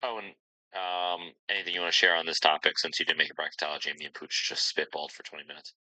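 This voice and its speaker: Low, bright-voiced podcast host. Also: male voice, level tone, fast, dry recording, rough recording. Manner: rambling and upbeat, leans on ums and likes. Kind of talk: casual podcast chat.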